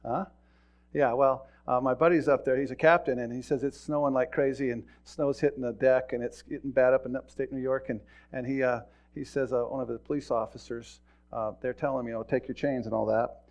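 A man's voice: mid-range voice, steady tone, fairly quick, a little mellow. Middle-aged pastor guy telling funny stories in a sermon, folksy, repeats himself a lot. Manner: folksy, chuckles through stories, repeats words. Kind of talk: sermon with storytelling.

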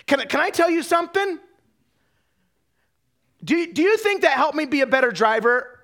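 A man with a high voice preaches a sermon in a church. He tells personal stories in a lively, animated way and keeps turning to the congregation with rhetorical questions, often stumbling and repeating a word as he starts a sentence. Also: normal speed.

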